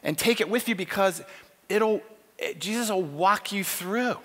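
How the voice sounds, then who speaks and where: Male church speaker, high voice, animated storytelling, long church reverb. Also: a little slow. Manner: animated, lots of fillers. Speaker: conference speaker. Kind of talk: storytelling sermon.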